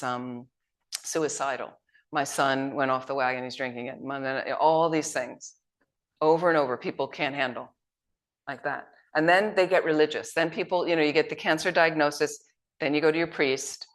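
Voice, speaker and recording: Woman, Buddhist teacher, low voice, conversational retreat talk, storytelling. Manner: anecdotal, conversational, acts out quotes.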